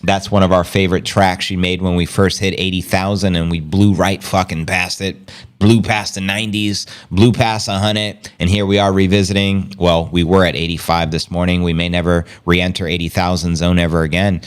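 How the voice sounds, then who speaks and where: A man's voice: low voice, flat delivery, normal speed, smooth. A man hosting a casual livestream, reading out news and chat comments in a hyped, loose, chatty way. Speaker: crypto livestream host.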